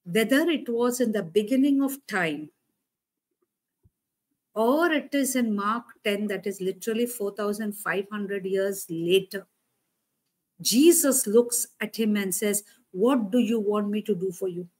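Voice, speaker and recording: A woman's voice: medium pitch, measured pace, darkish tone. A woman preacher giving a conversational sermon, often asking her listeners questions.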